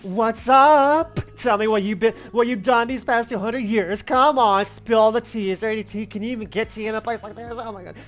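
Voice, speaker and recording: A woman voicing an excitable young witch friend in game dialogue, gushing and eager with quick questions. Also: on the high side, soft background music, close to an everyday voice. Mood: excited. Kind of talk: reading game dialogue aloud.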